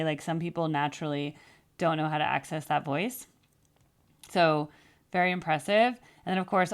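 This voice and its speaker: Chatty low-voiced woman vocal coach. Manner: enthusiastic, chatty, demonstrates singing. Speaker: music reaction host and vocal coach. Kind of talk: casual reaction commentary.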